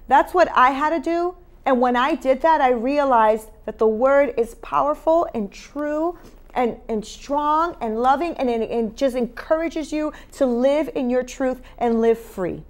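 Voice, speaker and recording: High-voiced woman giving an emphatic pep talk. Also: measured pace. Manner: emphatic, exhorting, repeats key phrases. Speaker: talk show host. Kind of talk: motivational faith talk. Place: studio.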